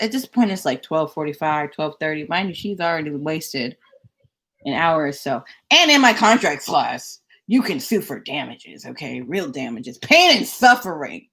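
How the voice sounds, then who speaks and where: Young woman, lowish voice, sassy vlog rant with repeated words and mocking asides. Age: young adult. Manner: animated, repeats words and phrases for emphasis. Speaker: vlogger. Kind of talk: storytelling rant.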